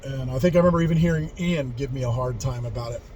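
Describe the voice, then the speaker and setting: A man's voice: mid-range voice, quick pace, dark tone, highs cut off, a little hiss or hum. Candid man rambling through a story. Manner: rambling and candid, with frequent profanity and restarts. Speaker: vlogger telling life stories. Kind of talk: casual personal storytelling.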